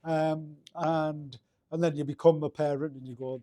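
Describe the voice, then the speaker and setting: Middle-aged Geordie man, guest on a chat show; dark, mellow tone, rambles with restarts. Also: on the high side, fairly even intonation, normal speed, dry recording, clean studio sound. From Northeast England. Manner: rambling, many restarts and fillers. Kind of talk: casual interview storytelling.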